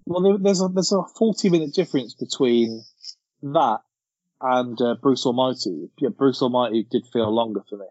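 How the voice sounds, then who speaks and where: A man's voice: medium pitch, moderate pace, darkish tone, no echo, lo-fi sound. A man hosting a casual film podcast, steering through the categories and laughing often. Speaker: podcast host. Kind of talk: casual chat.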